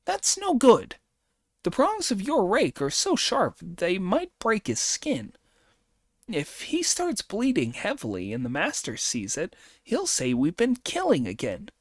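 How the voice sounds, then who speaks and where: Male narrator doing a high, bossy storybook monkey hero who snaps orders. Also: huge pitch swings, unhurried, no echo, studio quality, full character voice. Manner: bossy, commanding. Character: brash quick-tempered male monkey hero.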